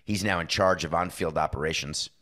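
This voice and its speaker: This sports podcast host is a middle-aged man whose low voice carries a bit of brightness. Talking casually and with plenty of opinions, he acts out small pieces of dialogue in quick asides.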